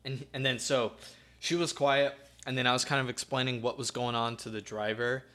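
A young man with a bright, forceful voice recounts a night out in loose, slangy chat. He swears freely and fills his sentences with "like" and "dude", in an easy storytelling rhythm. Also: medium pitch, flat delivery, moderate pace. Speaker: podcast co-host telling a story.

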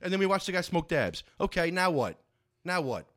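A man hosting a casual podcast from a private house, excitable and rambling, quick to get fired up. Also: high voice, no room sound. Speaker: podcast host.

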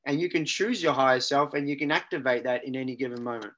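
A man's voice: medium pitch, fast talker, a bit bright, muffled recording. A man who works as a life coach, talking with energy as a podcast guest and often checking in with "right?". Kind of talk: casual podcast conversation.

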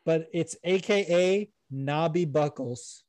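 A man's voice: a little high, takes it slowly, darkish tone, no echo. A young man hosting a podcast in casual chat, rambling and self-deprecating, swearing now and then. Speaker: podcast host.

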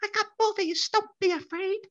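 A man imitating a pushy older woman selling DVDs on the street, in a high sing-song voice. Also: fairly even intonation, normal speed, a bit bright, highs cut off. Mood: coaxing.

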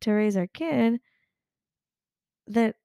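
Woman doing a fed-up, foul-mouthed alter ego woman, warm low-lit tone, dry close sound, deliberate delivery. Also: animated, gravelly, smooth, no room sound, exaggerated voice. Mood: indignant. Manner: swearing, indignant.

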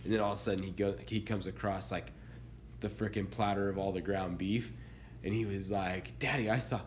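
A man in his thirties, a podcast co-host, telling funny stories about his kids in a loose, animated way with lots of laughter. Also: sits low, a little fast, slight background noise. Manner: animated storyteller, acts out kids' voices, laughs often. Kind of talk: casual chat, telling family anecdotes.

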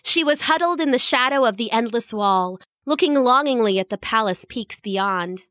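A woman host narrating a children's storybook in a lively, expressive way. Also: on the high side, normal speed, dry recording, clean studio sound.

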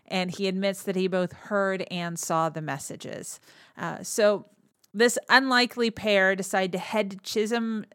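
A woman hosting a podcast, casually retelling a movie's plot, laughing often and slipping into quick quoted lines. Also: mid-range voice, fairly bright tone, clean tone, dry recording, clean studio sound. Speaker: podcast host.

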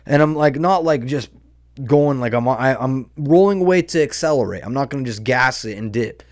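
A man's voice: mid-range voice, normal speed, no echo, studio quality. A young man hosting a podcast, telling a story in a rambling, profane, slangy way. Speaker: podcast host. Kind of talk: casual storytelling monologue.

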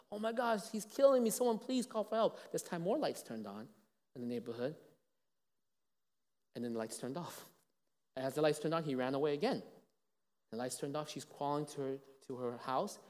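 A male pastor delivers a sermon with plenty of rhetorical questions. His voice rises to loud, emphatic lines and then sinks almost to a whisper. A long reverb trails every phrase, as in a large hall. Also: mid-range voice. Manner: dynamic preaching, swings from loud emphasis to hushed tones, asks rhetorical questions.

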